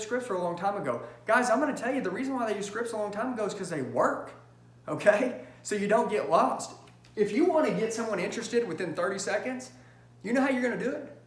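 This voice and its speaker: A man giving an energetic sales training talk, punchy and emphatic, often checking in with "okay?". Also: sits high, echoey room.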